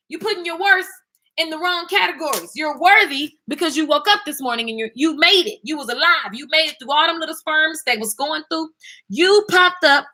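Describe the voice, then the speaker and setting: Woman vlogger, bright high voice, animated preachy pep talk. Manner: animated and preachy, quick asides and laughs. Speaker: vlogger and singer. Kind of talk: casual inspirational talk to viewers.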